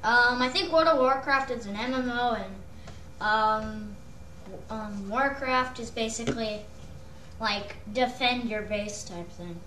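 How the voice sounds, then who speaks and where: A woman's voice: a little high, unhurried, bright, forceful tone, roomy sound, distant mic, a little hiss or hum, poor audio. A woman co-host answering questions in casual chat, hesitant and full of fillers.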